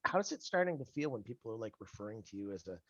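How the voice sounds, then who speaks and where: A man's voice: on the low side, very animated, racing, dull audio, slight background noise. A man interviewing a guest over a video call, in a chatty, joking way with frequent restarts. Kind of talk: casual conversational interview.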